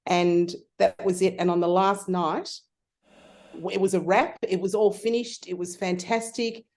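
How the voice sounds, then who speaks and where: A middle-aged woman telling stories in a casual interview, acting out the voices of people in her stories. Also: measured pace. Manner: animated storyteller, acts out voices with big pitch jumps. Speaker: guest.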